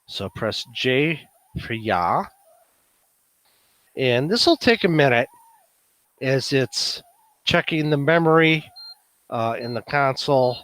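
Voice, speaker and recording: Chicago man demoing old software at a club meeting, relaxed and halting, mid pitch. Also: no room sound. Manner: musing aloud, many "uh" fillers. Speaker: meeting presenter. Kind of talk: casual demonstration talk.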